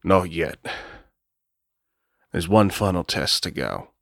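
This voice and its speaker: A man puts on a vampire lord who speaks low, cold and menacing, with an inhuman depth. Each word comes out slow and commanding. The sound is dry and close. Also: very animated, creaky, fairly bright tone, no echo, heavily acted.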